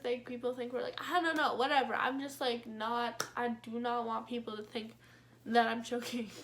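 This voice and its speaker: Young woman vlogger, higher voice, meandering storyteller, casual cursing, wry jokes at her own expense. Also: a bit bright, a little hiss or hum. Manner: rambling, filler-heavy, swearing casually; wry self-mocking.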